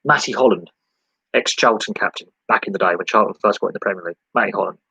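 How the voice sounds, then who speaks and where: A man's voice: fairly low pitch, fast talker, vocal fry, bright, forceful tone, breathy edge, no room sound, rough recording. English man rambling on a podcast. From England. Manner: rambling, repeats himself, frequent ums and restarts. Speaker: podcast host. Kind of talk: solo live podcast talk.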